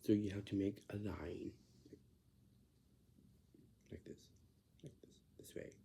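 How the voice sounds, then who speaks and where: A man's voice: on the low side, fairly even intonation, creaky, dark tone, breathy edge. A man in a casual spoken explanation who repeats himself, halts often and slips into whispers now and then. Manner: repetitive, halting, drifts into whispers.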